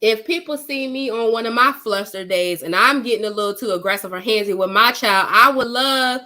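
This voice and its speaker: Woman vlogger, fairly high voice, blunt and emphatic, swears freely, dramatic storyteller. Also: brisk. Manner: lively, dramatic retelling. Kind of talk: casual storytelling vlog.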